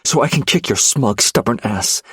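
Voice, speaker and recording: A man reading an audiobook, voicing a fiery, defiant young wife in a raised, husky voice. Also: moderate pace, dry recording, studio quality. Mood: furious. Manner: shrill, indignant, pleading.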